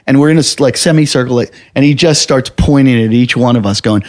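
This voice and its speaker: A man telling a story in casual podcast chat, animated and profane, acting out what people said. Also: medium pitch, fast. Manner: animated, profane, acts out quotes. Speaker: podcast host.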